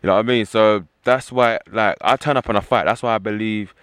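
A young man, a professional fighter talking casually in an interview, fast and repetitive, often asking "you know what I mean". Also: lowish voice, steady tone, fairly bright tone, clear, resonant tone, dry recording, clean studio sound.

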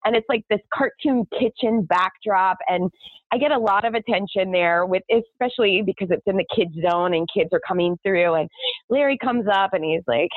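A woman's voice: mid-range voice, animated, dry recording. Chatty woman on a tinny phone line. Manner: chatty, laughs often, quick storytelling. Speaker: guest, owner of a kids baking party business. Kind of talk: casual interview chat. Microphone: phone call.

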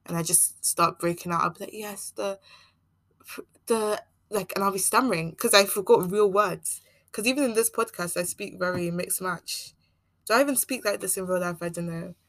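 A woman's voice: on the low side, brisk, a bit bright, no room sound. A young woman from Nigeria with a mixed Nigerian and American accent, hosting a casual solo podcast and rambling chattily with frequent laughs. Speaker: podcast host.

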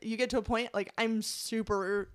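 A woman's voice: on the high side, fairly even intonation, normal speed. A woman hosting a laid-back podcast, reading through a countdown list. She talks in a loose, chatty way, with plenty of fillers and the odd swear word. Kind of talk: casual podcast chat.

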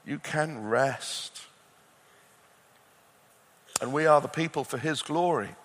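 Man, preacher, sermon, fairly high voice, animated, long hall reverb. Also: takes it slowly, a little hiss or hum. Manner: animated, swings from loud urgency to quiet intensity.

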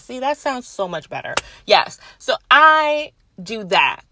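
A woman's voice: on the high side, big pitch swings, slow, few pauses, bright, forceful tone, no echo. A young woman chatting casually to camera, blunt and profane, often laughing at herself mid-sentence.

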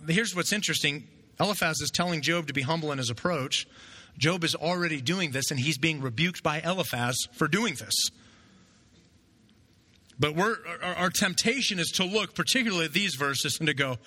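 A man preaching from the pulpit, his voice pitched high and strikingly bright. He reads scripture aloud, then unpacks it with emphatic rhetorical questions and a habit of asking "right?" to his listeners. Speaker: pastor. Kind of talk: expository sermon.

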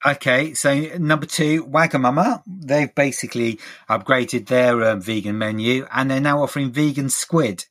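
Man, middle-aged, chatty co-host, mid pitch, dry close sound. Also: normal speed, hardly any pauses, a bit bright, dry recording. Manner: chatty, runs through a list of news items. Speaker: podcast co-host. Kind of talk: casual chat.

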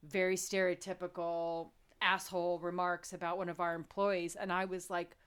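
Animated laughing woman storyteller. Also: lowish voice, normal speed, smooth. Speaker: podcast co-host, shop worker. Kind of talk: casual chat.

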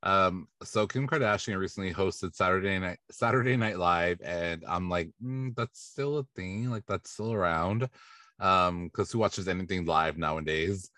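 A man with a very low voice hosts a casual podcast chat and walks through gossip stories in a relaxed, chatty way. The sound is close and dry, with no room echo. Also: normal speed. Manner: relaxed, chatty recapping of celebrity news. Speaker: podcast host.

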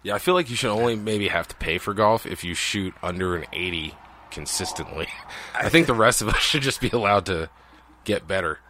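Bright-voiced joking male podcast host. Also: on the low side, a little fast, slight background noise. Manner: joking, boastful banter. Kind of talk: casual chat.

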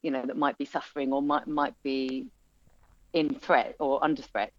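Low-voiced woman, chatty and animated. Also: moderate pace, no room sound, highs cut off. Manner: chatty, animated storytelling with many fillers and restarts. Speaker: music venue owner. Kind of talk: interview conversation.

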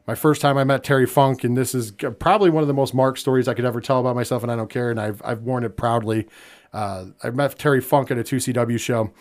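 A man's voice: mid-range voice, steady tone, fast. An American man hosting a wrestling podcast in casual chat, talking loosely with lots of fillers. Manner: conversational, many fillers, drops quiet when somber. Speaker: podcast host.

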